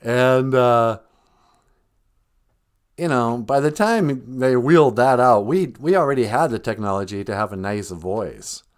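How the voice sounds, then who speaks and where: A man hosting a live comedy podcast, rambling through mock-earnest, deadpan satire. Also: medium pitch, unhurried. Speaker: podcast host.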